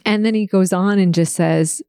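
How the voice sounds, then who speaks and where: A woman's voice: mid-range voice, fairly even intonation, normal speed, mellow, clean tone, dry recording, clean studio sound. A woman hosting her own podcast, speaking in an earnest, emotional and confessional monologue. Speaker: podcast host.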